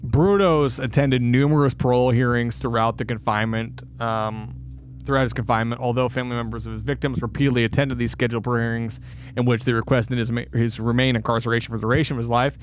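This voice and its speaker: A man's voice: mid-range voice, fairly even intonation, fast talker, a little hiss or hum. A man co-hosting a casual true-crime podcast, swearing freely, laughing and acting out quotes. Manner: profane, laughing, acts out quotes. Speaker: podcast co-host.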